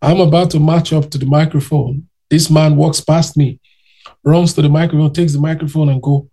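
A man telling anecdotes in a casual interview, animated and acting out the people he quotes. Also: on the high side, moderate pace. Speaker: interview guest.

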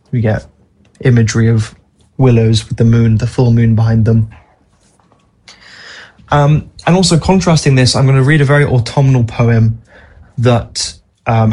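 Male presenter, mid-range pitch, reflective and unhurried delivery. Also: a little mellow. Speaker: presenter introducing a poem and a song. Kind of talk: casual spoken monologue.

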